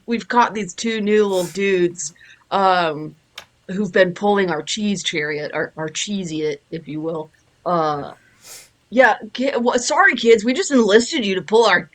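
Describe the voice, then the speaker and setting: A woman player in a tabletop game with a laid-back, rambling delivery, often circling back to fix her words mid-sentence. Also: mid-range voice. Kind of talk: casual in-character play.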